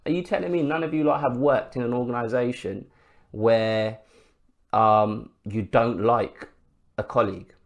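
A man's voice: medium pitch, fairly even intonation, a little slow. A man hosting a podcast, giving a casual sports commentary monologue full of rhetorical questions and swearing. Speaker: podcast host.

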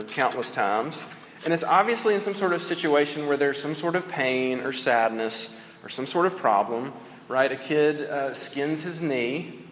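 A man's voice: medium pitch, fairly bright tone, slight background noise. A man in his thirties preaching a sermon in a conversational way, with fillers and restarts. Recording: echoey hall with long reverb.

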